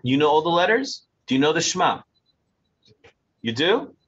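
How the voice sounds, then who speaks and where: Animated older male storyteller, husky voice. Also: on the high side, normal speed. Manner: animated storyteller who acts out dialogue; chuckles often while talking. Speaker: Torah scribe. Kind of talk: storytelling talk to a small group. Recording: dull lo-fi recording.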